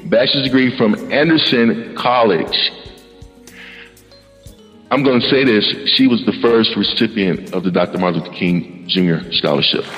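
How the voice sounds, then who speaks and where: A man hosting a podcast panel, praising his guests warmly and stumbling over repeated words. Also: lowish voice, moderate pace, big-room sound, highs cut off, soft background music. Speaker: podcast host. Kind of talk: emotional panel introduction.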